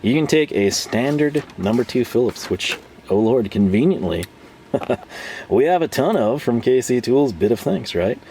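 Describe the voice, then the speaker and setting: A man's voice: medium pitch, lively intonation, measured pace, mellow, slight background noise. A man chatting his way through a casual tool review, rambling and often laughing.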